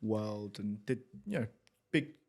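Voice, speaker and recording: A man co-hosting a podcast, asking questions in a relaxed way, with plenty of fillers and hedges. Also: on the low side, takes it slowly, creaky. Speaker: podcast co-host. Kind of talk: casual interview chat.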